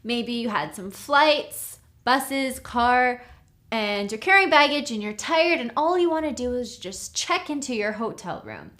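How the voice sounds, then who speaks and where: A woman teaching a recorded language lesson, drilling words slowly and checking in with "okay?". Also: on the high side, animated, fairly bright tone. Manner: slow, clear drilling of words with frequent "okay?". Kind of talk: recorded lecture.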